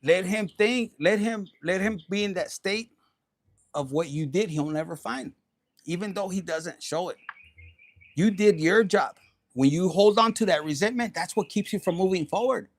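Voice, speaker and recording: A man doing a casual, animated tarot reading, swearing often and slipping into Spanish slang. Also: high-pitched, normal speed, slight background noise. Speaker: tarot reader.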